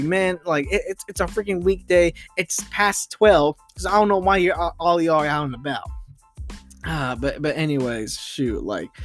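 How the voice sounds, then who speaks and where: Young guy podcasting, rambles and rants, tons of "you know"s, soft music under it. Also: on the high side. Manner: rambling, heavy on fillers and restarts; exasperated ranting, swears softly. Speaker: podcast host. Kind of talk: casual late-night storytelling monologue.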